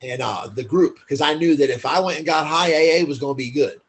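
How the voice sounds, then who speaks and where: A man's voice: fairly high pitch, a little fast, a little hiss or hum. A man as a podcast guest, telling his story in a candid, blunt, profane way, full of "like" fillers.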